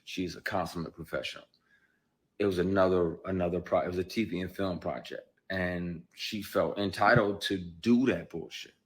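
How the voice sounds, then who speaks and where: A deep, steady male voice at a moderate pace, touched with breathiness. Speaking unscripted to his stream audience, this actor is blunt, profane, and fired up, pounding on his points again and again.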